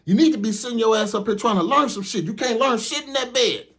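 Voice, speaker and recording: Man doing a yelling, cursing trucker trainer. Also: very high voice, quick pace, vocal fry, pitched above the performer's own voice, heavily acted. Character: foul-mouthed, hot-tempered male trucking trainer. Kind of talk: storytelling with acted quotes.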